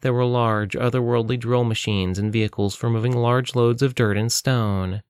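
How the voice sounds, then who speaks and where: A man reading an adventure story aloud in a steady, measured way. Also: mid-range voice, clean tone, no echo, clean studio sound. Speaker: narrator.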